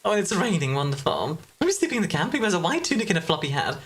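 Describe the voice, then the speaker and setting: A woman's voice: lowish voice, big pitch swings, fast, breathy edge. A young woman streaming a game in casual chat, playful and self-mocking, often breaking into laughter.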